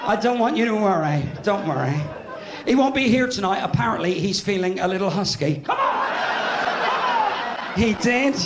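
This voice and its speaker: Cheeky West Country stand-up comic, high voice. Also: male voice. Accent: West Country English. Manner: cheeky, playful banter with the audience. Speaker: stand-up comedian. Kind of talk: live stand-up comedy. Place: cabaret club stage. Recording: echoey club with loud crowd and noise.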